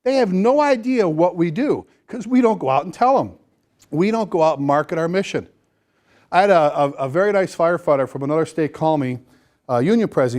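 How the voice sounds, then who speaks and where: High-voiced man giving an energetic seminar talk. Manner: energetic, folksy, repeats phrases for emphasis. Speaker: fire chief giving a seminar. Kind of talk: motivational seminar talk to firefighters. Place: seminar room before a live audience.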